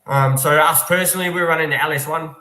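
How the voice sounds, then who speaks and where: A man from New Zealand talks through his racing in a relaxed, casual way, dotting his sentences with ums. His voice is bright and forward. He sounds like he is in a roomy, echoing space. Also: on the high side, fast. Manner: easygoing, technical, many ums. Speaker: guest racing driver. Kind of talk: casual interview. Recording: echoey room.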